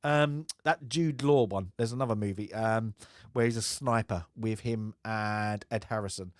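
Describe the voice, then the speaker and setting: A man's voice: fairly low pitch, measured pace, dry recording, clean studio sound. Rambling man, laughing often. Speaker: podcast co-host. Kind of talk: casual film chat.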